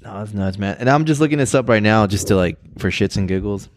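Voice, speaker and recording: A man's voice: fairly low pitch, fast talker. A young man co-hosting a podcast in casual chat, teasing his friend with slang like "man" and "bro". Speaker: podcast co-host.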